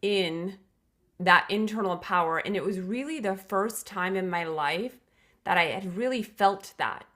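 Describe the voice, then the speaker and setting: A woman's voice: medium pitch, measured pace, fairly bright tone. A middle-aged woman, a podcast guest, telling a personal story in an earnest, reflective way with emphatic restarts.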